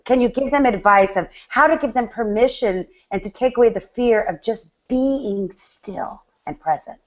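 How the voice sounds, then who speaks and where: A woman's voice: fairly high pitch, moderate pace. Woman interview host, muffled sound. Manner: asks questions, affirming.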